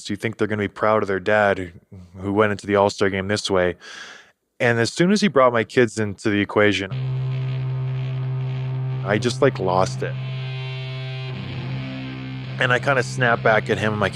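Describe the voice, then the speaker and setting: A man's voice: mid-range voice, fairly even intonation, fairly quick, a bit bright, smooth, no echo, studio quality. A man in his thirties, an interview guest, candidly retelling heated conversations and quoting others as he goes. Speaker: interview guest, former hockey player. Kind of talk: casual storytelling interview.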